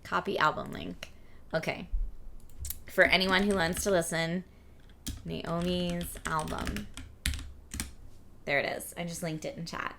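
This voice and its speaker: A woman's voice: fairly low pitch, steady tone, unhurried, gravelly, long pauses, pushed and bright, a little hiss or hum. A woman hosting a livestream, chatting casually and reading out viewer comments in an upbeat, rambling way. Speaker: livestream host.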